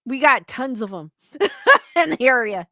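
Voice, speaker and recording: Bright high-voiced chatty woman streamer. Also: animated, a little slow, no echo, studio quality. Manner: chatty, giggly, quotes chat names aloud. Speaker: livestream host. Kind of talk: casual livestream chat reading comments.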